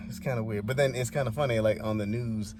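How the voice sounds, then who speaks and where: A man's voice: medium pitch, fairly even intonation, quick pace, background noise. A man giving rambling, laid-back, slangy commentary as a vlogger. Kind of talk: casual commentary.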